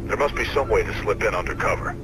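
An actor playing a seasoned male radio operator who guides a runner in a steady, fatherly, instructive way. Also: lowish voice, fast, a little hiss or hum, low-quality recording. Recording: game audio with music underneath. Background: game music.

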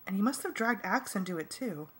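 A woman voicing a calm, kind teenage girl in a soft, slightly raised voice. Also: medium pitch, fairly quick, lightly acted.

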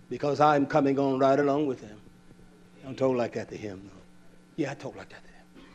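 An older man preaching a sermon, scolding and fiery, swinging from low mutters to loud outbursts. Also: steady tone, a little fast, pauses often.

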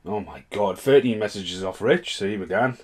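A man who has just woken up reacts to a string of voice messages, sounding dry and exasperated. His voice sits a little low. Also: animated, moderate pace, slightly rough. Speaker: channel host reacting. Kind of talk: casual reaction commentary.

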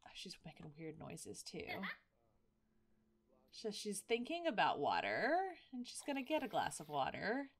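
A woman hosting a casual game playthrough, excitable and quick to gasp and laugh as she reacts. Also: on the low side, gravelly, a little hiss or hum. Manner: excitable, frequent gasps and laughter. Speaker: gaming video host. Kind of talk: casual let's-play commentary.

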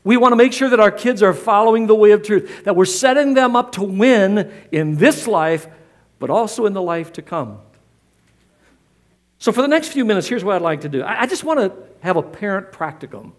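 A middle-aged man delivers a sermon from a church pulpit. His voice sits high for a man, and he is emphatic, driving points home by saying them twice. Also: lively intonation, moderate pace. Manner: emphatic, repeats key lines. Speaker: pastor.

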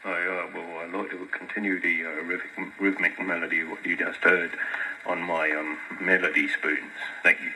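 A bashful, slow-witted spoons player, as a man puts him on, mumbling in a very low, flat voice. He stumbles through every phrase with ums and uhs, his tone sharp and bright despite the depth. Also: heavily acted, low-quality recording. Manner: halting, mumbling with many fillers.

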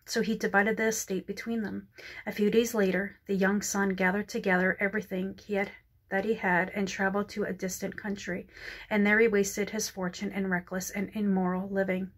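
A woman reads scripture aloud and shares a prophetic word, her voice staying level and narrow in pitch. She often stumbles over words and apologizes. She is emotional and close to tears. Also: flat delivery, fairly bright tone. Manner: halting reading with stumbles and apologies. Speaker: Christian counselor sharing a prophetic word. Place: dark room indoors.

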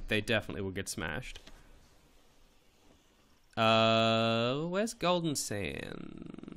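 A man streaming a game live, chatting casually and playfully with his chat, swearing now and then and swooping up in pitch when excited. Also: smooth.

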